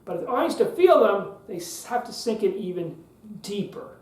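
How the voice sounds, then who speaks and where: A man hosting a public speaking podcast, talking emphatically, repeating key phrases and leaving long pauses. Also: high-pitched, big pitch swings, darkish tone. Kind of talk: instructional podcast talk. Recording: roomy echo.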